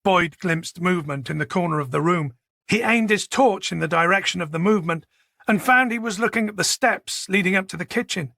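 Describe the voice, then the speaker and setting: A man narrating a thriller audiobook in a steady, measured way. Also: high-pitched, vocal fry, no echo, clean studio sound. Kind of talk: scripted narration.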